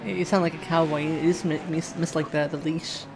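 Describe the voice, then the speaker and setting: A woman's voice: sits low, flat delivery, fairly quick, darkish tone, a little hiss or hum. A woman co-commentating a sim race, with a dry, teasing and bored-sounding delivery. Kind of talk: casual live race commentary.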